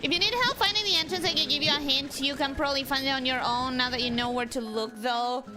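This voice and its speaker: A woman's voice: sits high, quick pace. A young woman chatting with her viewers as she streams a game from home on a desk mic, bubbly and talkative, with game music playing behind her. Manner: bubbly, chatty, talks to chat. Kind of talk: casual game stream chat.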